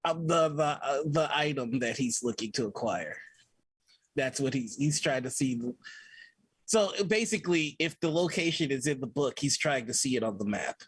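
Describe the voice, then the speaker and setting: A man's voice: medium pitch, lively intonation, moderate pace, breathy edge, no room sound. A man playing a tabletop game, explaining what his character looks for in a searching, hesitant way. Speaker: player. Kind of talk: describing his character's actions.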